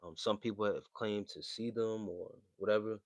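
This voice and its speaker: A man's voice: fairly low pitch, fairly even intonation, moderate pace, no echo. A man, hosting a livestream and chatting loosely with his chat, full of fillers and slang. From New Jersey. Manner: laid-back, loose slangy talk with many fillers. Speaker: livestream host reading chat.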